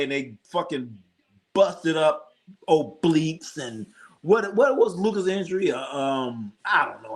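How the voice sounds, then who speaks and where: A man hosting a live sports stream, rambling and swearing casually as he reacts to scores and talks to his chat. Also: on the high side. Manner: rambling, profane, talks to chat, tells jokey anecdotes. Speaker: sports livestream host.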